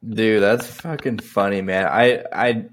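A young man co-hosts a laid-back podcast chat, reminiscing and tossing in quick reactions. His voice sits somewhat low and easy. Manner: relaxed, reacting with short exclamations. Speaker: podcast co-host. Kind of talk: casual chat.

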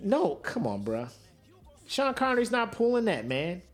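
A fairly high-voiced man on a podcast mic, talking with lively, swooping pitch. He jokes in slangy, casual chat and laughs often. Faint music sits behind him. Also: unhurried. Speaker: podcast co-host.

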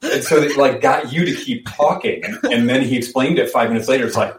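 A man's voice: mid-range voice, fairly quick, slight background noise. A man talking casually as a podcast guest, rambling with lots of restarts and fillers. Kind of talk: casual chat. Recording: roomy, distant from the mic.

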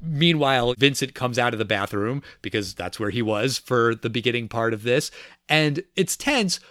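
A man in casual film-discussion chat, relaxed, recapping the plot with many fillers. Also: mid-range voice, moderate pace, dry recording, clean studio sound.

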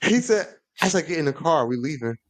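A man, telling a long funny story on a podcast and acting out the voices of the people in it. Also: brisk. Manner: animated, acts out quoted voices with big pitch jumps. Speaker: podcast host. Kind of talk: casual storytelling.

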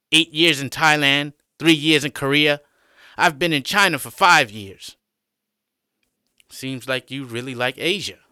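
A man's voice: a little high, pushed and bright, no echo, clean studio sound, voice pushed up, heavily acted. A man voicing a smug, prying middle-aged male teacher who brags and pokes at people.

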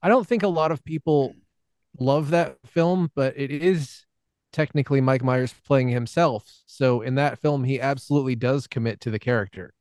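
A man's voice: medium pitch, darkish tone, no echo. A man co-hosting a podcast who drops wry, joking interjections in casual chat. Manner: wry, quick interjections, jokey.

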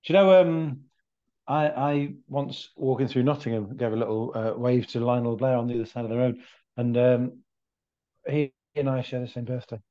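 A man's voice: medium pitch, steady tone, moderate pace, warm tone, highs cut off. A man co-hosting a comedy podcast, rambling in a crude, sweary way. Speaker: podcast co-host. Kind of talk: casual comedy chat.

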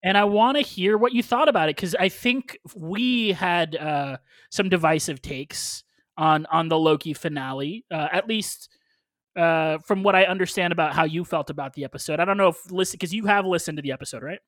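A young man hosts a casual podcast with an upbeat, loose delivery full of fillers. His voice sits a little higher than usual and sounds close and dry, with no room around it. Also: normal speed, fairly bright tone, no echo. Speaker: podcast host.

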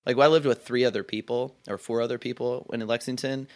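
A man's voice: medium pitch, fairly even intonation, fairly quick, a little mellow. A young man in his twenties talking in a casual conversation, reflective and rambling, full of "like" and restarts.

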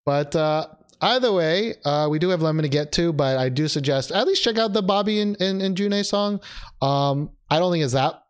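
A young man co-hosting a casual chat, animated and rambling, laughing often and restarting his sentences. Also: on the high side, normal speed, clear, resonant tone. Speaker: podcast co-host.

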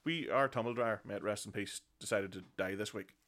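A man's voice: on the low side, fairly quick, fairly bright tone. A man in his thirties with a South Armagh accent, a podcast guest chatting casually with dry, self-deprecating humour. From South Armagh, Northern Ireland.

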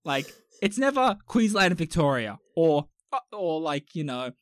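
A man's voice: on the high side, sing-song, measured pace, no echo, studio quality. A young man with an Australian accent, chatting casually as a podcast co-host, rambling and swearing with jokes. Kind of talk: casual chat.

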